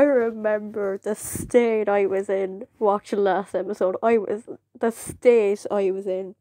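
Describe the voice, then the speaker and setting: Speaking a little slowly in a mid-range voice, a young vlogger chats to camera in a casual, rambling way peppered with "like." She jumps into excited quoted voices, and the audio is clean studio sound with no echo.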